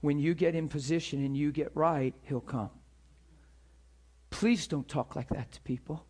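Animated preacher man, slightly high voice. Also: a little slow, husky. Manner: animated, emphatic, acts out quotes. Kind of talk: sermon storytelling.

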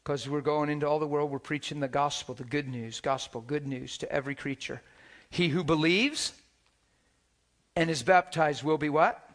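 Male preacher, somewhat high voice; animated storyteller who swings between shouts and whispers and laughs through his lines. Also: normal speed. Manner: laughs while talking. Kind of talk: sermon with personal stories.

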